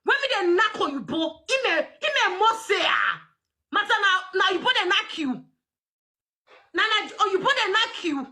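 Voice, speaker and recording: A woman with a Nigerian Pidgin accent hosting a casual livestream, loud and mocking, often laughing and shouting. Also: very high-pitched, very animated, normal speed. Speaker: livestream host.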